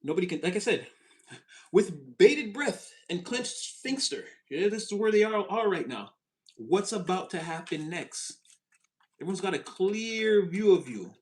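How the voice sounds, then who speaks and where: A man giving a casual, animated tarot reading, chatty and expressive and quick to laugh. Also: high voice. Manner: animated, chatty, swings into voices, laughs often. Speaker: tarot reader.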